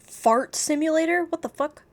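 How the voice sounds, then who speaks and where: Chatty woman streamer, a little high. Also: normal speed. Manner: candid, rambling, swears freely. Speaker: VTuber streamer. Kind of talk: casual livestream chat.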